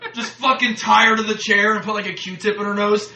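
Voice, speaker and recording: A man ranting loudly and profanely in casual chat, laughing as he goes. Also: sits high, steady tone, brisk, a crowd in the background. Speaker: podcast co-host. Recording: echoey room, distant mic, noise.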